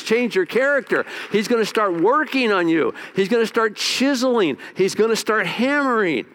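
Man preaching a dramatic sermon. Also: sits high. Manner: dramatic, swings between loud exhortation and quiet asides. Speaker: pastor.

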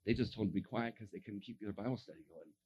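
A man preaching a sermon, telling stories and acting out the voices of the people in them, dropping to a hush and then rising to a shout. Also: fairly low pitch, rapid-fire, breathy edge, dull audio. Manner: acts out voices in his stories, swings from hushed to shouting. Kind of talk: animated sermon storytelling.

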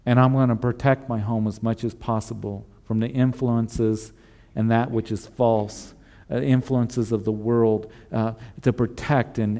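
A man's voice: on the low side, warm tone. A male pastor preaching a sermon in an earnest way, repeating emphatic refrains.

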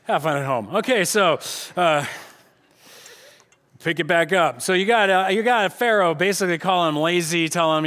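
A middle-aged man preaching from a church stage, his voice sitting a little higher than most men's. He tells the story with energy and acts out the voices of the people in it. The delivery is an animated sermon. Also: moderate pace. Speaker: pastor.

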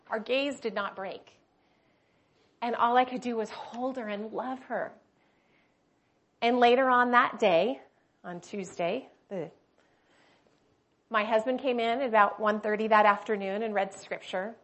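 A middle-aged woman teaching a women's Bible study, telling a personal story with feeling and frequent restarts. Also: fairly high pitch.

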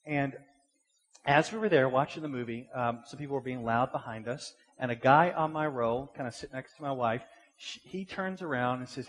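In a church sanctuary, with a long hall reverb and slight background noise, a middle-aged pastor delivers a sermon at normal speed in a mid-range voice. He keeps it casual and conversational, leaning on rhetorical questions and repetition.

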